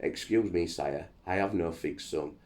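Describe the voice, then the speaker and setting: A man's voice: low-pitched, unhurried, darkish tone. A man reading as a dry, polite court doctor. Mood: deferential.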